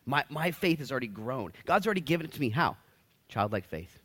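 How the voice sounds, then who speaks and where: A man's voice: medium pitch, sing-song, fast talker, fairly bright tone. A man in his thirties, a pastor preaching a sermon, who acts out the voices of people in the stories he tells.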